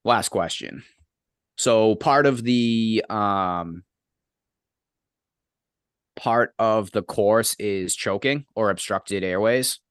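A man's voice: lowish voice, very slow, long pauses, smooth, no echo, clean studio sound. A man in casual podcast chat who rants in a profane, exasperated way.

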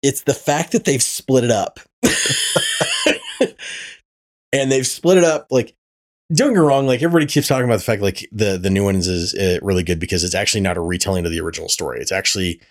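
A man hosting a casual podcast chat. His pitch swings widely as he tells animated stories, laughing and cursing along the way. The recording sounds rough, like it came from a faulty mic. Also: fairly quick. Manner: animated storytelling, swearing and laughing. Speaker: podcast host. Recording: poor audio from a faulty mic.

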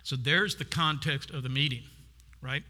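Bright-voiced preacher in a reverberant hall. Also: male voice, medium pitch, moderate pace. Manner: storytelling, acts out the woman's voice. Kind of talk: sermon.

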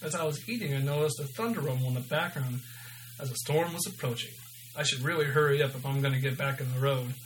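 A man's voice: medium pitch, quick pace, noisy background. A man hosting a podcast, reading his own story aloud and signing off loosely with lots of ums. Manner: loose and informal, many ums. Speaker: podcast host.

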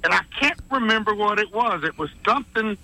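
A man's voice: high voice, animated, a little fast, creaky, sharp tone, rough recording. A man calling in to a radio show, friendly and rambling as he tells a story. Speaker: caller. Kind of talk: casual call-in chat.

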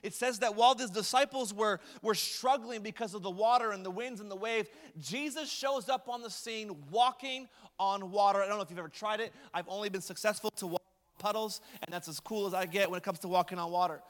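A man's voice: high-pitched, brisk, fairly bright tone, big-room sound. A man preaching a sermon as pastor, in a conversational storytelling way with light humor.

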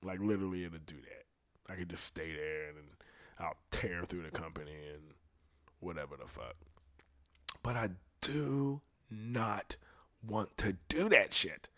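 A man's voice: low-pitched, expressive, measured pace, fairly bright tone, dry recording. A young man hosting a podcast, talking in a casual, profane, rambling way and laughing at himself now and then. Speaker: podcast host.

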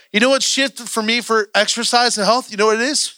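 A man's voice: very high-pitched, steady tone, brisk, pushed and bright, clean tone, no echo, clean studio sound. A man in his thirties preaching a sermon in a church, impassioned and urging his listeners on.

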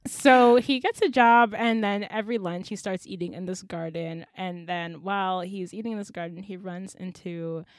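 Woman, podcast host, casual book chat, animated, mid pitch, dry close sound. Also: normal speed, few pauses, dry recording. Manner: animated, laughing storyteller.

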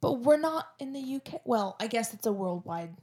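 A woman's voice: fairly high pitch, lively intonation, normal speed, mellow. A young woman with a Florida accent co-hosting a podcast at home, chatting casually and jokingly, with lots of "like" and "um.". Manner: chatty, jokey, peppered with "like" and "um". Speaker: podcast co-host. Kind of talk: casual chat.

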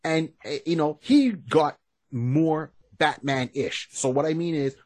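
A man's voice: a little high, measured pace, darkish tone, no echo, clean studio sound. A man in casual podcast chat, animatedly retelling cartoon scenes and briefly acting out the characters.

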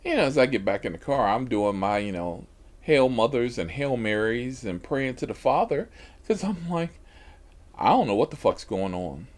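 A man's voice: mid-range voice, sing-song, moderate pace. A man hosting a podcast, telling a story from his rideshare driving in an exasperated, heavily profane way. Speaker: podcast host and rideshare driver.

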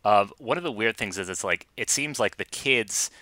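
A man co-hosting a casual podcast, joking and animated, filling his speech with "like". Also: on the low side, moderate pace, dry recording. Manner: jokey, animated, lots of "like". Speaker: podcast co-host. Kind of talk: casual film discussion.

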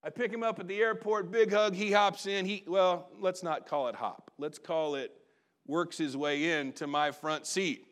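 Middle-aged male pastor with a high voice, telling a story from the pulpit, lively with sudden quiet asides. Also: moderate pace. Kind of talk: sermon storytelling.

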